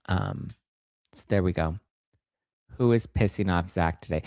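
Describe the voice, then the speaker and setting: Guy hosting a gossip show, sarcastic and animated, lowish voice w squeaky outbursts. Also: normal speed, vocal fry, pauses often, no echo, clean studio sound. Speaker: host. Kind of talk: casual commentary.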